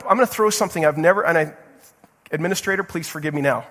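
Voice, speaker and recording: Guy pastor preaching in a church, fired up, high voice, stumbles on his words, long echo from the hall. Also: fast talker, sharp tone. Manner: impassioned preaching, urgent questions to the congregation; stumbling restarts and repeated words. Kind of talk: sermon. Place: church sanctuary. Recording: long reverb of a large hall.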